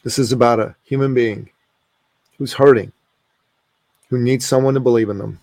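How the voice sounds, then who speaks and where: Guy in his 40s telling a story on a podcast, fired up and emphatic, middle pitch, dry close sound. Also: steady tone, normal speed, vocal fry, darkish tone, no echo. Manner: emphatic, passionate, with repeated restarts. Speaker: podcast guest. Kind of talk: animated storytelling.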